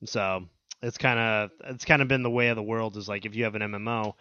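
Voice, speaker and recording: A man with a lowish, smooth voice talks loosely on a gaming podcast, reeling off examples. The recording is muffled and dry. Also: fairly even intonation, brisk, sharp tone, no room sound. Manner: loose, chatty, listing things off. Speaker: podcast co-host. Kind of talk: casual gaming podcast chat.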